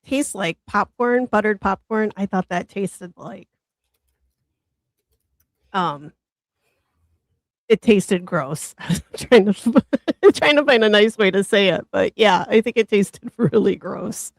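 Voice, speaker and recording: Giggly chatty woman with a gravelly edge. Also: medium pitch, lively intonation, slow, pauses often, no echo. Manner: giggly, chatty, self-described nerd. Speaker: host. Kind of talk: casual group chat on a stream.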